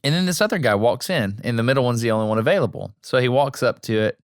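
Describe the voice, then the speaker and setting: A man co-hosting a podcast in casual chat, telling stories with animated delivery and acting out lines he overheard. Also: medium pitch, fast, clear, resonant tone, dry recording, studio quality. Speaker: podcast co-host.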